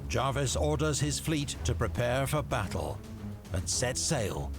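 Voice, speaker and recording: A man giving a measured, dramatic scripted narration for a history documentary. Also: medium pitch, big pitch swings. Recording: documentary clip played back with music. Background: music.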